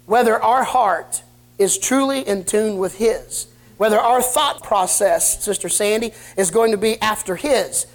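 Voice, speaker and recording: A man's voice: high voice, measured pace. Folksy man preaching a sermon. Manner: folksy storytelling preacher, plain colloquial speech. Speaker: pastor. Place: church service with congregation answering.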